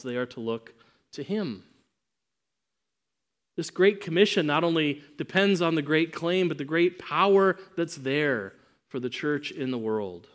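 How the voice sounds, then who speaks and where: A man preaching a sermon, emphatic, swinging between loud proclamation and quiet asides. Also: mid-range voice.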